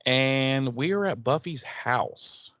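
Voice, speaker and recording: Recapping a TV episode with his co-host, this man rambles through the story, laughing and cursing freely. His voice is mid-range and a bit bright, and there's no room sound.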